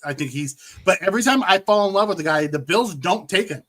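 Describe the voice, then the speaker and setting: A man's voice: sits high, animated, fast, fairly bright tone. A man co-hosting a live sports show, talking casually and hesitantly, repeating words. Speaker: sports podcast co-host.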